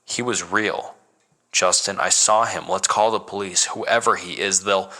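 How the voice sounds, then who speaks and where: A man's voice: low voice, steady tone, a little slow, pushed and bright, full character voice. A man voicing a frightened young woman in a spoken horror story, stammering and pleading.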